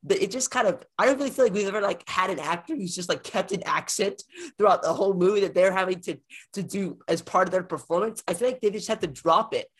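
A man's voice: high voice, fast, breathy edge. A man co-hosting a film podcast, chatting casually and rambling as he repeats words while he thinks. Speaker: podcast co-host. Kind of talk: casual film review chat.

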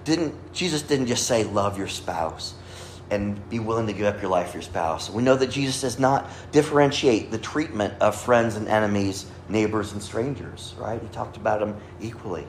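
A man preaching a sermon in a fairly low voice, earnest and scripture-quoting, his voice rising and falling for emphasis. The room is echoey, with a faint hum of ambience behind him. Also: moderate pace. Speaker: pastor.

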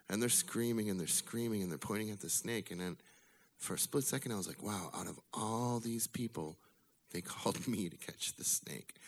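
A man's voice: deep voice, a little hiss or hum. A man telling a wry, profane personal story at a bar open mic, in a casual manner. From Illinois. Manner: casual, wry, swears freely. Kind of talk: live storytelling. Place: bar with live audience.

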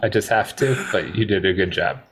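A man's voice: on the low side, fairly quick, a bit bright. A man co-hosting a podcast, chatting casually about a film, laughing often and quoting lines. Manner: laughs often, slips into movie quotes. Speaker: podcast co-host. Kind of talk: casual chat about a movie.

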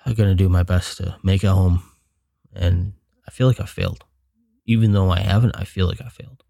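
A man hosting a solo podcast, talking in a frank, rambling way with some profanity and sounding frustrated and low. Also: steady tone, brisk, vocal fry, mellow, no echo, studio quality. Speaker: podcast host.

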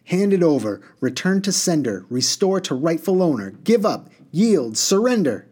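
A man's voice: mid-range voice, moderate pace, darkish tone, natural voice. A man voicing a small, cross, blue-bearded male water genie who rattles off strings of stock phrases. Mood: snappish.

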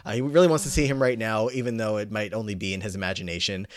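A man's voice: fairly low pitch, steady tone, very fast, dry recording, studio quality. Man casually recapping on a podcast. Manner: rambling, filler-heavy recap with quoted lines. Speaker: podcast co-host.

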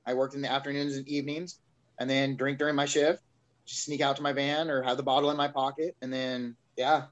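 A man's voice: medium pitch, flat delivery, brisk, lo-fi sound. A man, a guest on an interview show candidly telling his recovery story and acting out his own past words.

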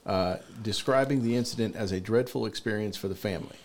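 A man co-hosting a podcast in casual chat, playful and quick to laugh. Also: lowish voice, a little hiss or hum. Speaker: podcast co-host.

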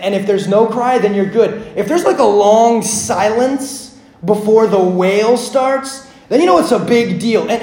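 A pastor in his thirties preaching a sermon, telling a family story in a conversational way full of fillers, moving between hushed and loud passages. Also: high voice. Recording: echoey room.

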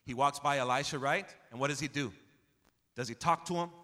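A man pastor preaching an expository sermon with passion, swinging from low confiding tones to near-shouts and calling on the congregation to answer back. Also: a little fast. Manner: calls out to the congregation for responses. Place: church sanctuary. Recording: long hall reverb in a church.

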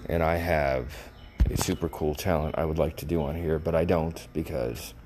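A man's voice: very deep voice, steady tone, moderate pace, noisy background. A middle-aged man hosting a solo podcast, rambling goofily and laughing at his own jokes, sounding tired and worn out. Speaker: podcast host.

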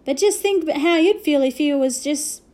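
A woman's voice: high-pitched, moderate pace, darkish tone, pitched above the performer's own voice, lightly acted. A woman voicing a grumpy, ever-hungry tiny cowboy man with a rustic, ungrammatical drawl in a storybook reading. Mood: earnest.

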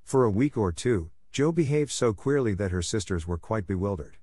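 A man narrating a classic novel as a scripted audiobook in a steady, measured reading. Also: on the low side, slightly rough, dry recording, studio quality.

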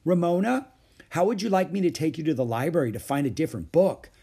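A man's voice: mid-range voice, lively intonation, normal speed, warm tone, breathy edge. A man voicing an exasperated, responsible older schoolgirl sister, slightly raised and patient but cross. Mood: coaxing.

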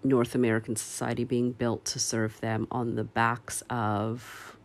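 A man giving earnest opinion commentary, speaking slowly with many pauses and fillers, and stressing key words firmly. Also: medium pitch, completely flat delivery. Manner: firm and emphatic on key words.

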